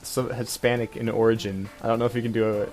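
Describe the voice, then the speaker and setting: A man's voice: lowish voice, flat delivery, fast talker, darkish tone. A man co-hosting a casual comedic talk show, reading listener questions and mocking them with frequent laughter. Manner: wry, mocking, laughs often. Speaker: podcast co-host. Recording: faint music bed underneath.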